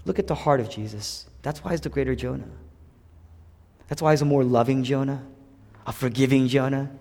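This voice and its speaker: A man preaching a sermon, swinging between loud emphatic preaching and hushed, whispered passages. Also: medium pitch, moderate pace. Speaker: pastor. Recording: long hall reverb.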